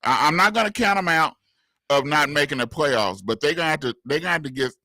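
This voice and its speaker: Animated man on sports talk radio. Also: fairly high pitch, fast, no room sound. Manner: animated, laughing, repeats words, southern US slang.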